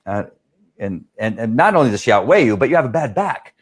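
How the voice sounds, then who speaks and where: A man's voice: mid-range voice, sing-song, fairly quick, slightly rough. A middle-aged man, a dog trainer, answering questions in a casual talk and often checking in with "right?". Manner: chatty, keeps asking "right?".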